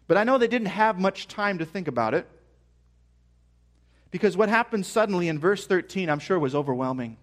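A man preaching a sermon as pastor, earnest and building to excited emphasis. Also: sits high, a little fast.

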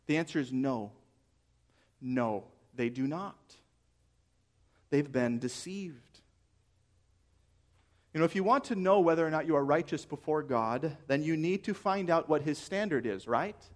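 A man delivering a sermon in a slightly high, earnest voice. He preaches emphatically and poses rhetorical questions, letting key phrases land slowly. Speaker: pastor.

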